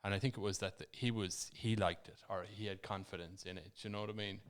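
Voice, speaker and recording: A man's voice: on the low side, fairly even intonation, quick pace. A man co-hosting a podcast, explaining his views thoughtfully in a casual chat.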